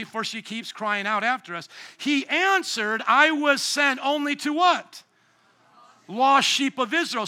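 Man, pastor, hoarse, very high voice, piercing bright tone, church sermon, handheld mic. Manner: asks the congregation fill-in questions. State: going hoarse. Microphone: handheld microphone.

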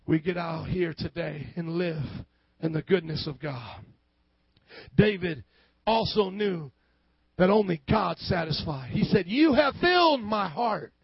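A male pastor preaching a sermon, calling for amens and dropping from hushed lines to loud bursts. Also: sits high, vocal fry, slightly rough, no echo. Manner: call-and-response preaching, swings from hushed to loud. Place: church service. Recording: dull lo-fi church recording with faint music.

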